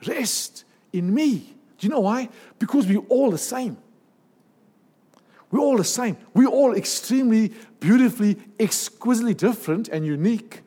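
A man preaching a sermon in a lively, humorous way, with asides and jokes. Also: high voice, normal speed, breathy edge, long reverb tail.

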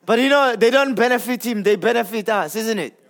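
A man preaches a sermon briskly and conversationally, repeating words as he gathers his thoughts. He moves between emphatic highs and hushed, low lines.

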